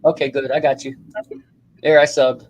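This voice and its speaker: A man's voice: mid-range voice, flat delivery, normal speed. A man hosting a livestream, chatting casually in a rambling, profane way. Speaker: livestream host.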